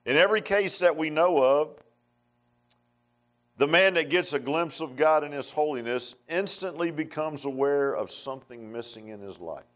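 A man preaching a sermon in a folksy, conversational way, swinging between emphatic outbursts and hushed asides. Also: on the high side, normal speed.

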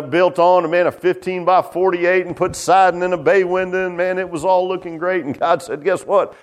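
A middle-aged man from Virginia preaches a folksy testimony sermon, repeating "man" and "huh?" as he swings between loud preaching and hushed, low tones.

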